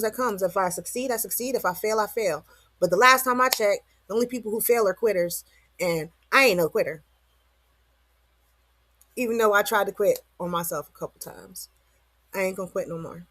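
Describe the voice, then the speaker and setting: A woman's voice: mid-range voice, fairly bright tone, dry recording. A woman vlogger giving a casual motivational monologue, slangy and rambling, full of rhetorical questions.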